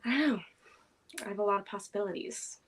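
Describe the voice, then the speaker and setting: A woman's voice: mid-range voice, quick pace, a bit bright. Young woman, guest book vlogger, chatty, rambling, filler words, casual. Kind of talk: casual chat.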